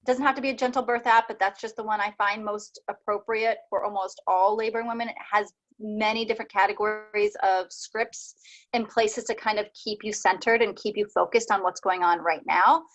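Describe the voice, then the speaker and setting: A woman's voice: mid-range voice, steady tone, brisk, a bit bright, poor audio. A woman doula chatting casually over a video call, talking with lots of fillers. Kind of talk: casual group chat.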